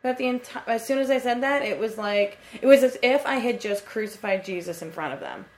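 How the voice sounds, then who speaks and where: A woman's voice: fairly high pitch, fairly quick, slight background noise. A woman in her twenties co-hosting a casual podcast chat, telling a story in a chatty way and swearing freely. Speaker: podcast co-host. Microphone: computer mic.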